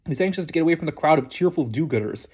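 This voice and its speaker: Quick man reading a children's book aloud. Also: fairly high pitch, animated, darkish tone, slightly rough. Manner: quick, with frequent restarts. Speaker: reader.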